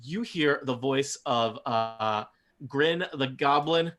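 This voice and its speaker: Slow and medium-pitched with a fairly bright tone, a man runs a tabletop game as game master. His casual scene descriptions ramble loosely and are packed with filler words.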